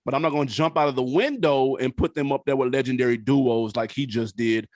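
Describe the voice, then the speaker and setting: A man's voice: mid-range voice, brisk, no room sound. A man co-hosting a casual hip-hop podcast, speaking in a laid-back, candid way with frequent fillers. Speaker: podcast co-host.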